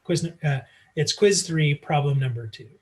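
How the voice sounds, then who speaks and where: A man's voice: on the high side, normal speed, a little mellow. Casual man teaching math online. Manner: casual, talks while working problems, many fillers. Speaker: math instructor. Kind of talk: online lecture.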